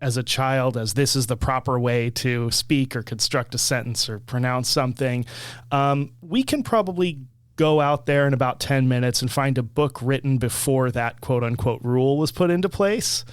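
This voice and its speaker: A man from Florida co-hosting a casual podcast, explaining ideas in a measured way. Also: mid-range voice, smooth, no room sound, clean studio sound. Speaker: podcast co-host.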